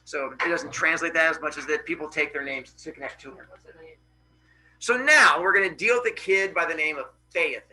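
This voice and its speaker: A male teacher tells a Greek myth to his class in a loose, joking, slangy way. His voice is high and animated, with lots of lift and fall. Its tone is bright and sharp. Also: a little hiss or hum, low-quality recording. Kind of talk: casual myth storytelling in class.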